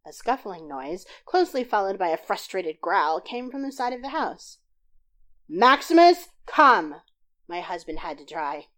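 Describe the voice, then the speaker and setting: A woman's voice: on the low side, moderate pace, few pauses. Woman reading her own story from bed. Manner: lively, expressive reading that raises her voice for dialogue. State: getting over a sinus infection. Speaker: podcast host and author. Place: in bed at home. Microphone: tablet recording app.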